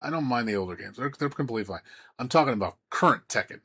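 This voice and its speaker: A man's voice: mid-range voice, expressive, very fast, fairly bright tone, breathy edge. A man streaming games, ranting in a heated, profane way with lots of stammering restarts. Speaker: game streamer. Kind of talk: live-stream rant.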